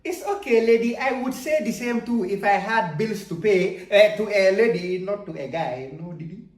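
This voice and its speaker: A reaction commentator making mocking, deadpan jokes with slang about clips. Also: mid-range voice, normal speed, echoey room, recorded from a distance, faint music behind.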